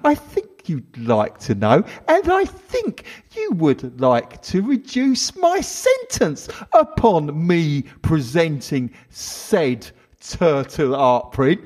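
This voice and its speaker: Cocky, cornered crook for a comedy skit ad, high put-on voice, slow and gloating; a man voices him. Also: huge pitch swings, a little mellow, exaggerated voice. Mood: smug taunting. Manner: cocky, taunting. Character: smug cornered male criminal bargaining.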